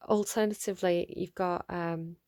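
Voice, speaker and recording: A woman's voice: on the low side, steady tone, normal speed, darkish tone. A woman giving a casual tarot reading at home, rambling, laughing often and tripping over her words. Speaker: tarot reader.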